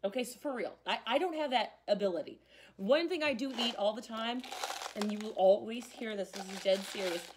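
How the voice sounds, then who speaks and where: A middle-aged woman from Louisiana, teaching a class in a chatty, animated way with laughing asides. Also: on the high side, a little fast, noisy background. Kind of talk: casual classroom lecture.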